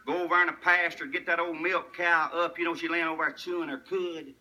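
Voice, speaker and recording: A man's voice: on the high side, flat delivery, brisk, bright, forceful tone, poor audio. An older man with a rural West Tennessee accent, telling folksy tall tales and chuckling at his own punchlines. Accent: Southern US, rural West Tennessee. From Tennessee, USA. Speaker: storyteller. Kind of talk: folksy humorous storytelling.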